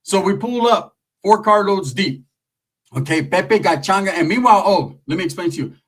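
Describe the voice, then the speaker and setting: A male comedian telling a crude comic story in a loud, rambling, slangy way. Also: high-pitched, lively intonation, moderate pace, husky, recorded from a distance. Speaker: stand-up comedian.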